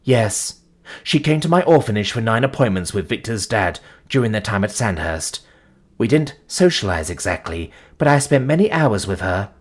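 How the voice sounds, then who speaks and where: A man's voice: lowish voice, expressive, moderate pace. A man voicing an ancient female android caretaker who speaks in a formal, precise way. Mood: measured. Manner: formal, clipped.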